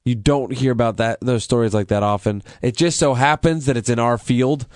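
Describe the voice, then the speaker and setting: A man from Pittsburgh co-hosting a podcast, playful and quick with comebacks. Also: mid-range voice, darkish tone, dry recording, studio quality. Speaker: podcast co-host. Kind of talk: casual banter.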